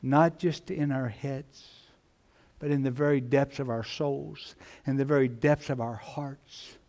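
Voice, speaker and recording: A man preaching a sermon in church, slow and emphatic, repeating his phrases for weight. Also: medium pitch, steady tone, a little mellow. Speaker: pastor.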